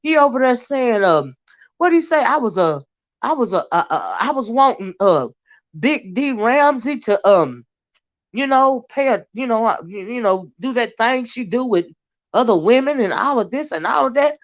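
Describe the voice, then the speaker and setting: A woman's voice: fairly high pitch, big pitch swings, moderate pace, highs cut off. Chatty woman hosting a livestream. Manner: chatty, greets viewers by name, laughs often. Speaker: livestream host. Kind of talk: casual livestream chat.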